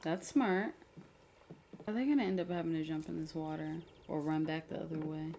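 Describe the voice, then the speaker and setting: Expressive woman reacting to a movie. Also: deep voice, moderate pace, noisy background. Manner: expressive, exclaims and talks at the screen. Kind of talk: casual reaction commentary.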